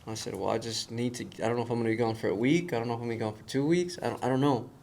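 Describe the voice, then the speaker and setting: A man telling a story in casual conversation, animated and acting out the voices of the people in it. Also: mid-range voice, very fast. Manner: animated storyteller who acts out quoted voices. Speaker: guest.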